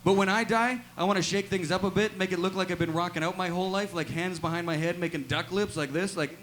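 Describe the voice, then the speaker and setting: A man performing a stand-up comedy set in a small live venue, delivering deadpan one-liners and tagging nearly every line with "right?". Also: high-pitched, fast talker, slight background noise.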